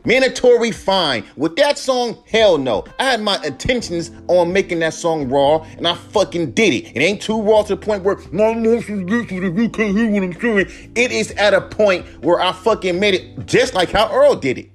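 A man's voice: sits high, lively intonation, normal speed, few pauses, soft background music. Profane, heated young man ranting solo. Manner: profane, heated, mocking imitations of critics. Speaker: podcast host and rapper. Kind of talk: solo podcast rant.

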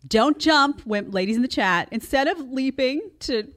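A woman in her thirties hosting a casual reaction show and talking to her live chat, chatty and expressive. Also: sits high, normal speed. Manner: chatty and animated, acts out quotes. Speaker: host reacting to clips.

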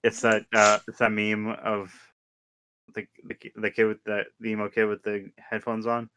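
Man podcast host, dry and matter-of-fact, low monotone, smooth voice. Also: moderate pace, no echo. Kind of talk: casual podcast chat.

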